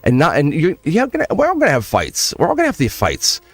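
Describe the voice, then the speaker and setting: A man's voice: a little high, fast, vocal fry, dry recording. A man reading tarot on a live stream, chatting casually and addressing viewers directly with frequent laughs. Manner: animated, chatty, laughs often, talks straight to viewers.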